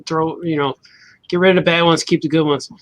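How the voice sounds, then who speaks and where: A man with a slightly high voice, chatting easily among friends on a podcast. He speaks relaxed and often trails off quietly at the ends of his phrases. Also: a little fast, low-quality recording. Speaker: podcast co-host. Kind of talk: casual chat.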